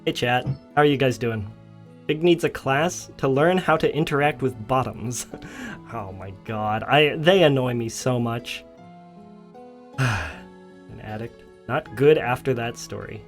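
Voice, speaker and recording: A man's voice: mid-range voice, unhurried, faint music behind. A streamer telling a story in casual chat, laughing often as he talks. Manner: giggly storytelling.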